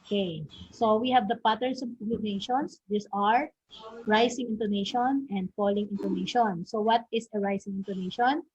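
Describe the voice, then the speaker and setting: A woman's voice: medium pitch, fairly even intonation, moderate pace, darkish tone, slight background noise. A woman teacher explains stress and intonation, saying "okay" often and ending points with "no?". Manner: frequent "okay" and "no?" tags, models example words and questions aloud. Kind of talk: recorded online lesson. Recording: dull lo-fi audio.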